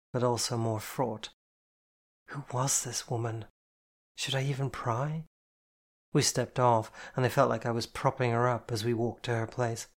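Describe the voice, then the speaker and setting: Man narrating an audiobook. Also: medium pitch. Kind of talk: first-person novel reading.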